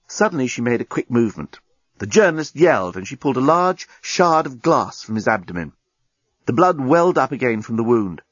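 A man narrating a comic science-fiction story as an audiobook reader, in a dry, even storytelling manner. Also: mid-range voice, fairly quick, slightly rough, no echo. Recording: dull lo-fi recording.

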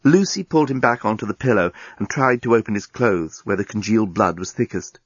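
A man narrating a comic science-fiction story as an audiobook reader, in a dry, even storytelling manner. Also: on the low side, fairly quick, hardly any pauses, husky, no echo. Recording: dull lo-fi recording.

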